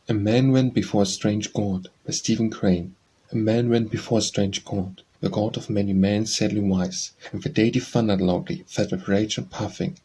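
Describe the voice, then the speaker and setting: A man with a husky voice, reading poems aloud in a measured, solemn way as an audiobook narrator. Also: on the low side, steady tone, mellow. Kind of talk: scripted poetry reading.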